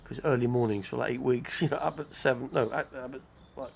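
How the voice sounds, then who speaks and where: Gravelly, chatty man. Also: mid-range voice, fairly quick, a little hiss or hum. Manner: chatty, digressive, name-dropping. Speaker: live-stream host. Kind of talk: rambling casual monologue.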